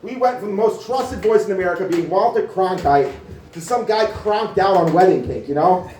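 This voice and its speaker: A man's voice: sits high, normal speed, a little mellow. A man doing a rambling, profane stand-up comedy set in a small cafe venue, full of filler words. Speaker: stand-up comic. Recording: echoey room, mic from far off.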